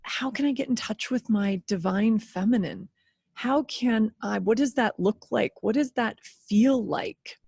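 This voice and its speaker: A woman's voice: on the high side, unhurried, gravelly, darkish tone, breathy edge, no echo, clean studio sound. A woman in her fifties hosting a solo podcast, talking candidly and with animation, laughing and swearing freely. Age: 50s. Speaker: podcast host.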